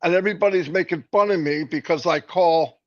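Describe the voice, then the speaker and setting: Joking high-voiced man on a lo-fi stream. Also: fairly quick. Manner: rambling, joking, with many fillers and restarts. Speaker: live stream co-host. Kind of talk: casual live-stream chat. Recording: dull lo-fi stream audio.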